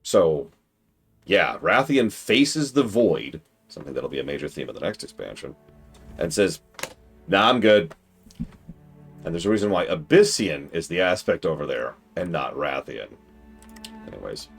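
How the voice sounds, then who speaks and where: A young male streamer with a deep voice that swings widely as he talks. He gives enthusiastic, opinionated game commentary full of rambling asides. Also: very animated, normal speed, gravelly, soft background music. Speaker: streamer host.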